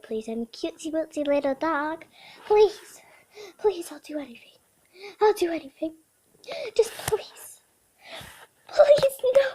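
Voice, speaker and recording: A woman's voice: darkish tone, a little hiss or hum, close to an everyday voice, poor audio. Woman voicing a whiny, dramatic pet dog. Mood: pleading. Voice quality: whiny, pleading, swings into high cries and whispers.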